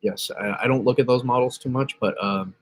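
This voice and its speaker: A man with a medium-pitched voice talks briskly while hosting a casual weather stream. He rambles over the model maps, often corrects himself, and reacts to what chat says.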